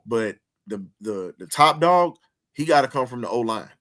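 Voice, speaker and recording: A man's voice: medium pitch, lively intonation, moderate pace, a bit bright. A man hosting a heated sports talk show, speaking with an emphatic, preaching cadence and repeating phrases to drive points home.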